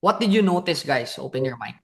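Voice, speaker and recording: A woman's voice: animated, fast talker. A woman with a Filipino accent teaching sales tonality as a coach, switching into Tagalog and acting out example lines. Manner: switches to Tagalog mid-sentence, acts out sample lines with swings in pitch. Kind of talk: coaching lesson.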